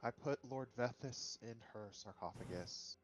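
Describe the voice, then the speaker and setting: A man's voice: mid-range voice, a little slow, faint music behind, poor audio. A man playing in a tabletop game, asking questions casually and declaring his character's actions. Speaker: player.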